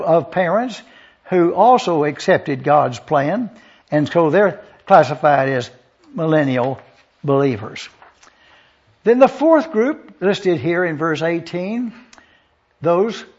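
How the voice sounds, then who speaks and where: A man's voice: on the high side, a little mellow, husky, dull audio. A man preaching an expository Bible lesson, methodically listing and repeating points for review with a dry touch of sarcasm.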